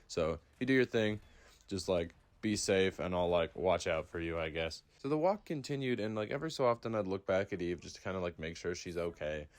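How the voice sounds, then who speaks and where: Young male storyteller with a low voice, relaxed and chatty, lots of fillers. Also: a little fast. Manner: laid-back, filler-heavy with frequent likes. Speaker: storytime narrator. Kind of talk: casual storytelling.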